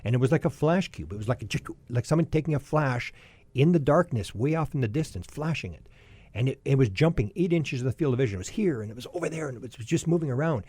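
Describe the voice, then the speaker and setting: A man in his sixties telling a long personal story as a podcast guest, lively and anecdotal, often restarting his sentences. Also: medium pitch, fast talker, slightly rough, no room sound. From Canada.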